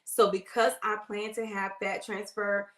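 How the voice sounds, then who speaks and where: A woman's voice: medium pitch, little pitch movement, measured pace, echoey room. Chatty woman hosting a phone livestream. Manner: chatty, warm greetings, uses y'all. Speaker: nurse and livestream host. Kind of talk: casual livestream chat greeting viewers.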